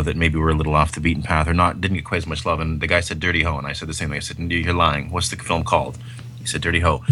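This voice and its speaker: A man's voice: low voice, bright, forceful tone, slight background noise. A man co-hosting a podcast, chatting casually about films in a rambling, enthusiastic way with lots of fillers. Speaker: podcast co-host. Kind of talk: casual film chat.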